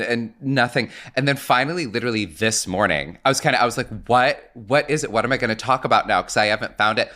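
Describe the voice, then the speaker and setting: A man co-hosting a podcast in casual chat, animated and laughing often as he tells a story. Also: medium pitch. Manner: animated, laughs often, slips into quoted voices. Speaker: podcast co-host.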